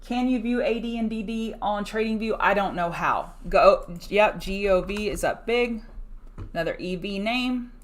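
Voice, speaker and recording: Brisk Southern country woman trading host. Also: mid-range voice, a bit bright. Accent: Southern US country accent. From rural US. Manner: brisk, chatty, addresses viewers as y'all. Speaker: stock market show host. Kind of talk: fast pre-market trading rundown.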